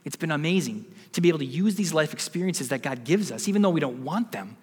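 A man's voice: on the high side, lively intonation, quick pace, breathy edge, long reverb tail. A man in his forties, a pastor giving a sermon, telling a personal story and building to emphatic preaching.

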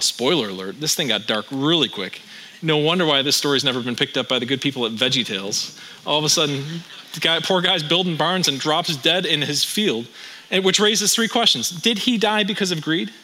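A male pastor delivers a sermon in a bright, ringing voice that sits slightly high for a man. He moves between plain teaching and wry humor, stacking rhetorical questions to keep listeners with him. He sounds like he is in his thirties. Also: low-quality recording.

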